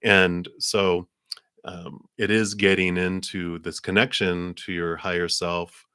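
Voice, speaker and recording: A man's voice: low voice, little pitch movement, slow, sharp tone, smooth, dry recording, studio quality. A man giving a live tarot reading, talking in a rambling, meandering way full of fillers. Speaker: tarot reader.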